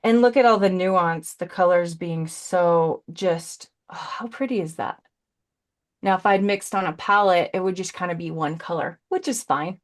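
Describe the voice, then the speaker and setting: A woman in her forties chatting through a live painting demo on a video call. She talks chattily and rambles, tossing in punny asides. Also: fairly low pitch. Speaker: brand ambassador demonstrating paints.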